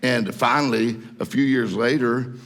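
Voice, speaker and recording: A man's voice: medium pitch, steady tone, measured pace, a bit bright. A man from Mississippi, preaching a sermon in a folksy storytelling way and laughing at his own jokes. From Mississippi, USA. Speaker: guest preacher. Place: church hall. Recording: long church hall reverb.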